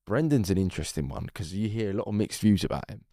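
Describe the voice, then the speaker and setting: A man hosting a casual interview, curious and prodding with quick questions, swearing casually. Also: fairly low pitch, animated, mellow, dry recording, clean studio sound. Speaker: podcast host.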